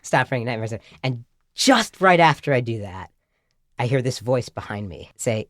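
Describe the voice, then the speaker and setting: A man in casual podcast chat spinning an embarrassing anecdote, animated and self-mocking, his speech full of "like" and "right?". His voice sits at an ordinary pitch. It sounds close and dry, with no room around it. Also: normal speed, no echo. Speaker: podcast co-host.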